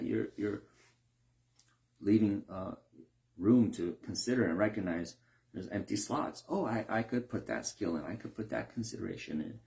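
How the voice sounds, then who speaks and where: Gravelly low-voiced man musing casually. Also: moderate pace, warm tone. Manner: acts out quoted cooks in higher voices, many fillers and restarts. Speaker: speaker sharing reflections. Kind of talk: casual monologue.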